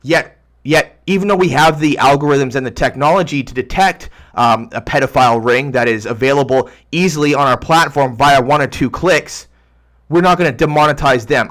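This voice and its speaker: Reading chat aloud on his livestream, a young man launches into a heated, meandering rant full of false starts. He has a mid-range voice with a slight brightness.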